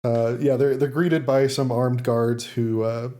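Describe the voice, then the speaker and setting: A man's voice: mid-range voice, steady tone, a little slow, warm tone. A man co-hosting a podcast, casually recapping an episode with fillers and laughs. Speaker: podcast co-host summarizing the episode. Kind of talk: casual chat.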